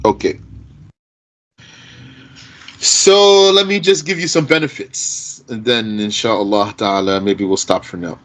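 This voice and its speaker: A man teaching an informal Arabic grammar lesson. He speaks slowly and deliberately, reciting Arabic text and then explaining it in English. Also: on the low side, a bit bright, low-quality recording.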